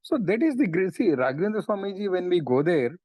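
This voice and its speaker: A man's voice: sits high, very animated, a little fast, a little mellow, no room sound. Earnest man telling devotional stories. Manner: earnest, retells stories with frequent "you know". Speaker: speaker on religious philosophy. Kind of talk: devotional storytelling talk.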